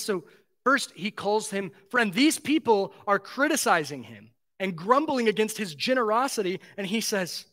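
A man's voice: sits high, very animated, normal speed, fairly bright tone. A man preaching a sermon as pastor, earnest and emphatic, repeating key phrases and asking rhetorical questions.

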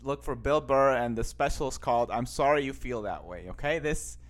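Rambling podcast host with many restarts. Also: male voice, mid-range voice, normal speed. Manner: rambling, many restarts and fillers, laughs easily. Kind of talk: casual podcast talk. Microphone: podcast microphone.

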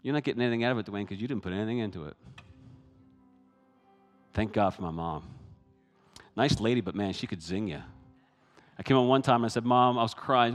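Male pastor, mid pitch, lively sermon delivery that drops to near whispers and climbs to excited peaks, church hall reverb. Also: quick pace, soft background music. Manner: animated, with dramatic swings from hushed to loud.

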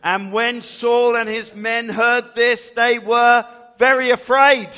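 A man's voice: extremely high pitch, level tone, slow pace, bright, forceful tone, clear, resonant tone. A man leading a group through a Bible story, casting volunteers and reading aloud in a jovial, chatty way. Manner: jovial, chatty, laughs often. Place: large hall with a group. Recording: echoey hall.

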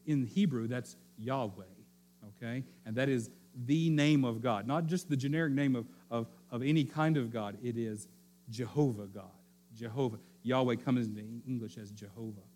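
Man, pastor, teaching sermon, repeats key phrases, checks in with listeners, drops quiet for emphasis. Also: medium pitch, normal speed, slight background noise.

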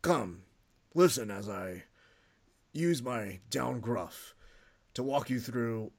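A man putting on the voice of a pompous, gruff older male wrestling boss, talking slowly. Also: mid-range voice, expressive, a little mellow, full character voice. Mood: mock-gruff.

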